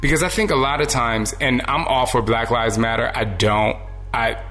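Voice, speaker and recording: A man's voice: mid-range voice, normal speed, bright, forceful tone, faint music behind. A man hosting a solo podcast, talking earnestly and conversationally about everyday decency, sometimes acting out little exchanges. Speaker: podcast host. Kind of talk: solo motivational podcast talk.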